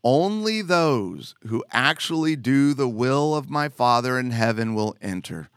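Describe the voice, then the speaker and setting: A man preaching a sermon in an animated way, joking and putting on voices. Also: medium pitch, a little slow, clean tone, dry recording, studio quality. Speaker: pastor.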